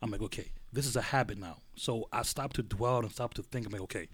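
A man's voice: lowish voice, quick pace, husky, no room sound. Laid-back man in casual chat, dry sound. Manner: laid-back, slangy, emphatic when retelling.

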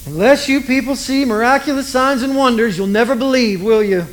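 A preacher doing a weary, rebuking teacher. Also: male voice, very high-pitched, fairly quick. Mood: exasperated. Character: exasperated teacher, stern adult man.

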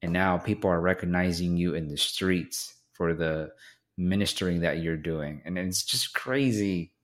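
A man hosting a faith podcast, calmly reflecting the guest's story back to her. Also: sits low, a little slow. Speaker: podcast host. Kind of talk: casual interview chat.

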